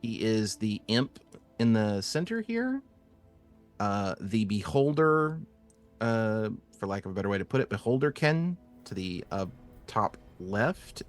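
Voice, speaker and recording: A man's voice: fairly low pitch, very animated, unhurried, soft background music. A man narrating as game master of a tabletop game, casual and rambling with frequent fillers.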